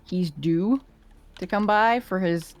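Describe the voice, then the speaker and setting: A woman playing a tabletop game in casual chat, lively and quick to laugh. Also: medium pitch. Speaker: player.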